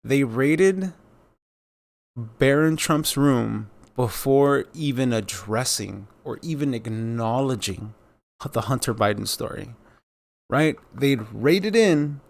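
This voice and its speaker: A man's voice: medium pitch, slow, gravelly. A man giving casual, rambling commentary on news clips, with many fillers and sarcastic asides.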